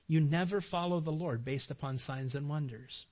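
High-voiced middle-aged man preaching. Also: moderate pace, hardly any pauses. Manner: animated, emotional, repeats phrases for emphasis. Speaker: pastor. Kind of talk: sermon. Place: church sanctuary.

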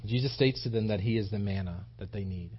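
Speaking fast in a fairly low, slightly breathy voice, a pastor preaches in a small church. He restarts often and repeats himself earnestly and emphatically to drive his points home, and the high frequencies are cut off.

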